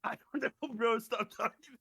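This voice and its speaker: A man's voice: extremely high pitch, steady tone, normal speed, creaky, bright, forceful tone, breathy edge, no echo, clean studio sound. A young man co-hosting a casual esports podcast, tired and giggly, teasing his co-host and swearing casually. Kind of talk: casual chat.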